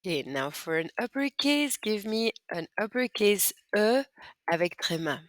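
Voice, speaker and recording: A woman's voice: medium pitch, big pitch swings, moderate pace, no echo. A woman teaching French as she walks students through typing accent marks, patient and step by step. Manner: clear, patient step-by-step instruction. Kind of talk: screen-recorded lesson walkthrough.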